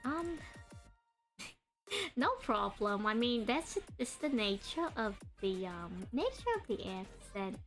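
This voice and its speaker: Young woman streamer, high lively voice, chosen cadence, rambling chat, soft music behind. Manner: chatty, rambling, greets chat by name; deliberately adopted speaking voice and cadence. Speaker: streamer and artist. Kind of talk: casual live-stream chat while drawing.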